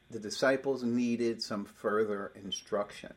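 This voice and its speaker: A man's voice: medium pitch, steady tone, normal speed, few pauses. A man teaching a Bible lesson, explaining verses step by step and reading scripture aloud with emphasis.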